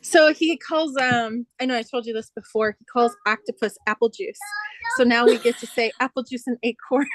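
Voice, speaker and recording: An older woman chats over a video call while hosting a sewing night. Her voice sits a bit high and sounds dry and close. She talks like a doting grandmother, easy and rambling. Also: fairly even intonation, moderate pace, no room sound. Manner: chatty, doting grandmother talk. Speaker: host of a live sewing stream. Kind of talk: casual chat.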